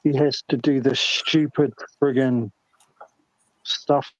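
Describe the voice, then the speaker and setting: A man's voice: medium pitch, steady tone, slow, no echo. A man with a New Zealand accent in a heated online voice chat, exasperated and repeating himself. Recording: dull lo-fi voice chat audio.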